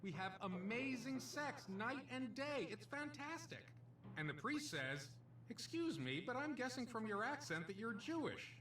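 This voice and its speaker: A man's voice: extremely high pitch, big pitch swings, measured pace, fairly bright tone, reverberant, recorded from a distance, a little hiss or hum, full character voice. An actor playing a cheesy male casino stand-up comedian, delivering punchy jokes and doing comic voices. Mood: brash.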